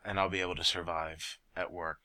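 A man in casual chat, telling stories loudly and swearing, then trailing off into mumbles. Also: low-pitched, fairly quick. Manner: animated storyteller, swearing, swings loud then mumbling.

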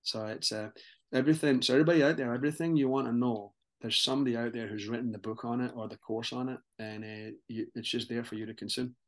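Scottish male coach, mid-pitched, animated and motivational, podcast guest. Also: fast talker. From Scotland. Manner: animated, motivational, many restarts. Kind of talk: casual podcast conversation.

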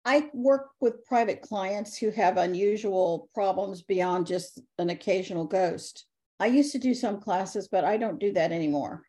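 An older woman, a podcast guest, telling spirit stories in a calm, matter-of-fact way and acting out the dialogue. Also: medium pitch, unhurried. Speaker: guest, ghost-clearing spirit worker. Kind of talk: anecdotal storytelling in a podcast interview.

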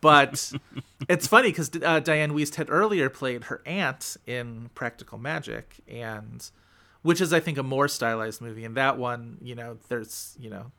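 A man's voice: mid-range voice, measured pace, gravelly, sharp tone. A man hosting a film podcast in casual chat, talking loosely with lots of fillers and easy laughs. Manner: chatty, lots of "like", laughs easily. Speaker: podcast host.

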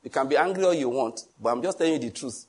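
A man preaching a sermon in an animated, joking way, with pleading asides to the congregation. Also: medium pitch, fast, breathy edge.

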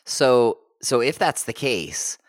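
A man on a podcast chatting casually, retelling stories with animated asides and quoting characters in a put-on voice. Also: medium pitch, slow, no room sound, clean studio sound. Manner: animated storytelling, acts out characters' lines. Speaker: podcast host. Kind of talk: casual chat.

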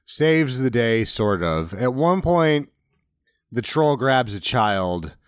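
Deadpan man with dry, sardonic jokes. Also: mid-range voice, takes it slowly, clear, resonant tone, dry recording. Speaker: podcast co-host. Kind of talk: casual movie-riffing chat.

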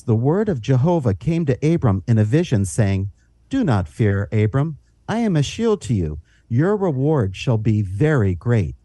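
A man's voice: mid-range voice, no room sound. A man reading Bible passages aloud and explaining them in a teaching podcast. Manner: reads scripture aloud with lively rises and falls.

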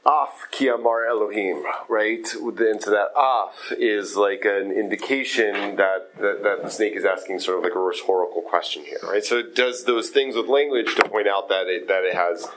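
A man leading a text study group, explaining in a halting way with many fillers and restarts. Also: fairly low pitch, a bit bright, rough recording. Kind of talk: casual text study discussion.

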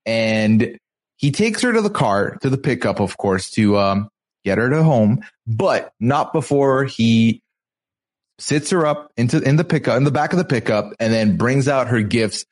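A podcast host with a medium-pitched, slightly slow voice runs a casual recap show. He tells the story with energy, animatedly acting out the people he quotes.

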